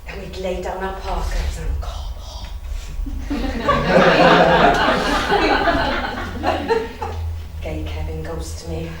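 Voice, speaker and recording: A woman's voice: fairly low pitch, very animated, drawn-out words, pauses often, very noisy, heavily acted. A young Welsh woman from the valleys, performing a teasing, bawdy monologue and laughing often. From South Wales valleys. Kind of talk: dramatic monologue. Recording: echoey room, distant mic.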